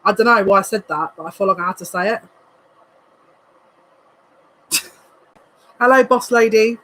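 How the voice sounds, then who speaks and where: Excitable woman giving a live card reading. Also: mid-range voice, a little fast, rough recording. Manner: excitable, emotional, breathless asides. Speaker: psychic tarot reader.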